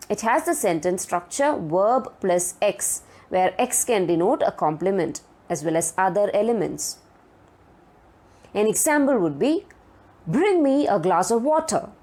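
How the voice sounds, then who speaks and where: A woman giving a recorded grammar lecture, speaking deliberately and checking in with her students. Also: mid-range voice, a little mellow. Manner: sing-song rise on example sentences.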